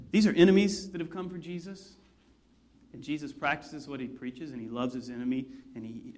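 A man preaching a sermon, retelling a story in a conversational way with asides. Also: on the high side. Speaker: pastor.

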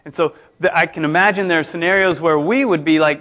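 A man preaching a conversational sermon, his voice swinging between loud emphasis and near-hushed tones. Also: fairly high pitch, fast talker. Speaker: pastor.

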